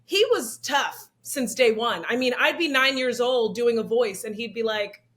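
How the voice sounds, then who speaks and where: Young woman, interview guest, high bright voice, animated storyteller who laughs a lot. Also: normal speed. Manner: animated, laughs often, acts out quoted voices. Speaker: actress and comedian guest. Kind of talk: candid interview talk.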